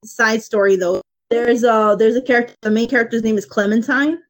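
A woman's voice: on the high side, fairly even intonation, fairly quick, low-quality recording. A woman in casual chat who rambles and restarts her sentences while telling stories.

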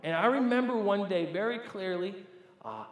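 Male pastor, sermon storytelling, stammering restarts, slightly high voice, reverberant church hall. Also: normal speed. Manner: animated, stammering restarts, swings between loud and hushed.

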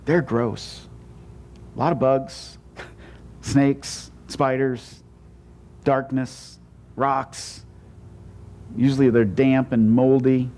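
A pastor preaching a sermon in a conversational way, with frequent stammered restarts and sudden shifts between emphatic and hushed lines. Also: male voice, mid-range voice, little pitch movement, very slow, pauses often, slight background noise.

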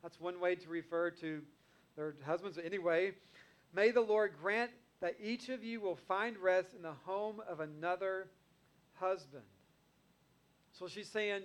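A man's voice: high-pitched, normal speed, clean tone. A man preaching a sermon, reading scripture aloud and retelling it in earnest, conversational everyday language. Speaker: pastor.

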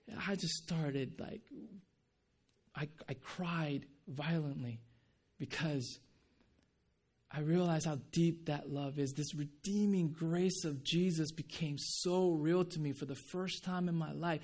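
A man's voice: on the high side, takes it slowly, a little mellow, husky. Earnest man preaching a personal testimony. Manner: earnest, conversational, many restarts and laughs. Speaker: pastor.

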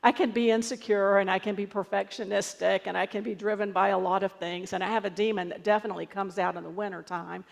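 A woman's voice: mid-range voice, steady tone, quick pace, vocal fry, hardly any pauses, big-room sound. A woman pastor giving a sermon in a conversational, storytelling way.

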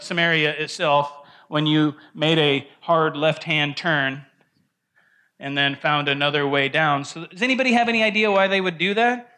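Frequent restarts and repeated "right?"s mark the informal teaching of a man leading a casual church-classroom Bible study. He talks loosely and asks the group questions, his voice bright, forceful and slightly high.

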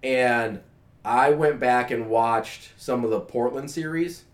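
A man chats casually about sports on a podcast. His voice sits in an ordinary middle pitch, and his talk rambles with fillers and restarts. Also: takes it slowly. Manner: rambling, filler-heavy, enthusiastic fan. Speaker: podcast co-host.

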